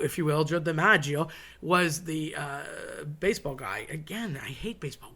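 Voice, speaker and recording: A man's voice: on the high side, normal speed, sharp tone. A man hosting a casual monologue, chatty and digressive, with wry asides. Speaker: host.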